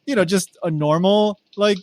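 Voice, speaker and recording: Higher-voiced man chatting casually. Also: normal speed, no echo. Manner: relaxed, adds examples and qualifications to the discussion. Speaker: podcast co-host. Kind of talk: casual chat.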